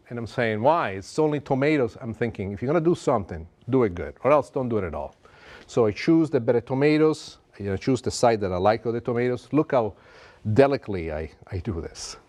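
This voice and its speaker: A man's voice: medium pitch, animated, a little fast, darkish tone. A middle-aged man hosting a cooking show, talking the viewer through a dish in a theatrical, self-amused way and drawing out his words. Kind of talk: cooking demonstration to camera.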